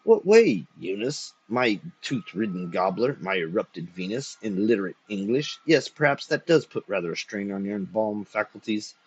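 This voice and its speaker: A man's voice: lowish voice, sing-song, normal speed, few pauses, darkish tone, husky, highs cut off. A man voicing a cruel, grandiloquent old poet on his deathbed, sneering theatrical insults. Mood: mocking.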